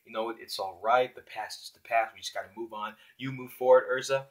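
Man reading a calm, gentle young man. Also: mid-range voice, fairly quick, lightly acted.

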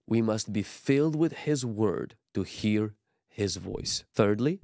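A male pastor delivering a sermon with an earnest, emphatic cadence. His voice sits a little low, and it is recorded dry and close with almost no room sound. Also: darkish tone, no room sound. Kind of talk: sermon-style teaching.

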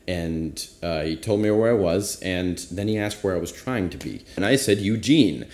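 A man's voice: deep voice, normal speed, darkish tone. A young man casually telling a rambling, self-deprecating travel story as a vlogger. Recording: roomy echo.

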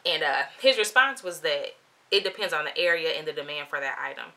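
A woman vlogger telling a shopping story in a lively, slangy, animated way. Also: low-pitched, fairly quick. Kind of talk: storytime vlog.

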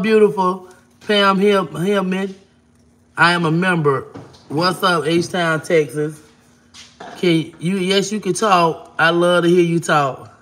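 A woman hosting a casual livestream, talking fast and giving shout-outs to viewers as she reads their comments. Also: fairly low pitch.

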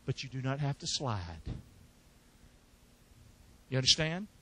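A man's voice: medium pitch, big pitch swings, a little slow, a bit bright, a little hiss or hum, low-quality recording. A man preaching a sermon as pastor, leaving verses open for the congregation to finish and joking between points. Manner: jokes and laughs between points.

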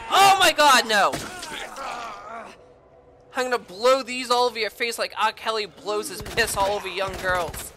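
A young woman gives crude, jokey let's play commentary while playing a horror game, speaking at medium pitch over a little hiss or hum. She swears often and yelps or shouts when something startles her.

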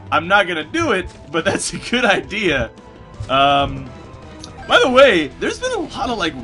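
A man's voice: a little high, pushed and bright. A man narrating his video game run, rambling and chatty as he plays, full of fillers and restarts. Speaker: gaming YouTuber. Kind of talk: let's play commentary.

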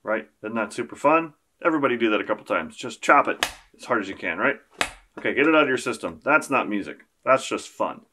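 A man's voice: mid-range voice, lively intonation, quick pace, pushed and bright, slight background noise. A man teaching a beginner percussion lesson, counting beats aloud and joking with his students. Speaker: school band teacher.

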